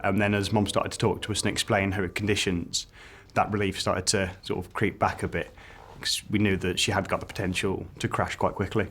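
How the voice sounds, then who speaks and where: A paramedic recalling a call in a calm, reflective interview. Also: male voice, sits low, fairly quick, soft background music. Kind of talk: interview recollection.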